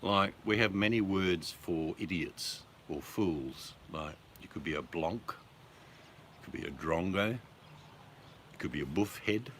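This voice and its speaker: An Australian man chatting casually with viewers as host, relaxed and chatty, swearing freely. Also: low-pitched, takes it slowly, a little hiss or hum.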